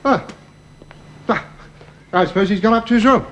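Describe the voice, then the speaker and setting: A gentle middle-aged father in a radio drama, soothing and hesitant, tripping over his words. His voice sits a little high. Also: moderate pace, a little hiss or hum. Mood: worried.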